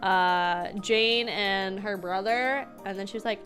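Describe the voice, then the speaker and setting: Bright-voiced chatty woman streamer. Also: mid-range voice, slow, faint music behind. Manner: chatty, laughing, reads game lines aloud. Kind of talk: casual game stream chat.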